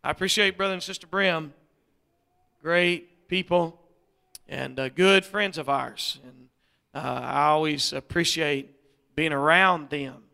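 Brief: missionary preacher, rambling, bright and crisp. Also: male voice, on the high side, slow pace. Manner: folksy, rambling, many fillers and restarts. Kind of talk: sermon.

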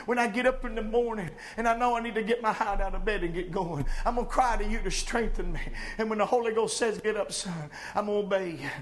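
High-voiced preacher, shouting and hushing. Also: male voice, quick pace, hardly any pauses. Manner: swings between hushed pleading and shouted preaching. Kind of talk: sermon.

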